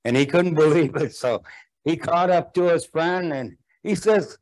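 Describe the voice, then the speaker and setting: A man's voice: fairly high pitch, lively intonation, measured pace, darkish tone. Man telling an old winter story, folksy, chuckles here and there. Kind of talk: oral storytelling.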